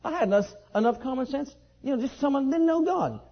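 A man preaching a sermon and telling his own testimony, leaping from high excited outbursts to low quiet asides. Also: quick pace. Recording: dull lo-fi sermon recording.

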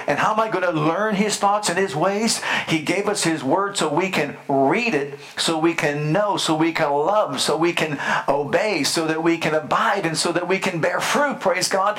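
An older man preaching a sermon, his voice sitting a little higher than most men's. He builds rhythmic runs of repeated phrases and draws the congregation in with call-and-response prompts. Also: moderate pace, a bit bright, a little hiss or hum. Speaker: pastor.

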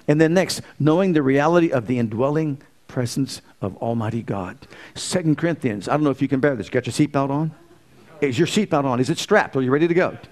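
A man preaching a sermon, swinging from hushed, slow lines to loud, emphatic ones and firing rhetorical questions at his listeners. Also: mid-range voice.

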